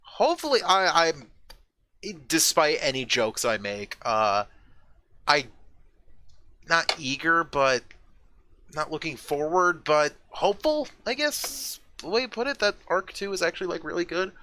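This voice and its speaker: A man streaming live, chatting casually and rambling, with frequent swearing and sudden excited outbursts. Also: a little high, measured pace, slight background noise. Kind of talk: casual chat. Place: at home with a roommate nearby.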